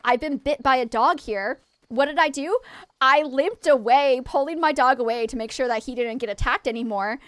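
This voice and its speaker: Female streamer, 30s, high voice, lively casual storytelling over gameplay. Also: moderate pace, no echo, studio quality. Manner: chatty, animated, swears and laughs often. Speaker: gaming streamer. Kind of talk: casual storytelling while gaming. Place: home office.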